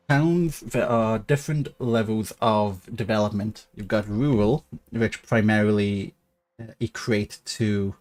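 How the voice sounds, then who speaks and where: A man's voice: on the low side, darkish tone. Casual man narrating a strategy game. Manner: thinking aloud with fillers and restarts. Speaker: gaming YouTuber. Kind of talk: casual let's-play commentary.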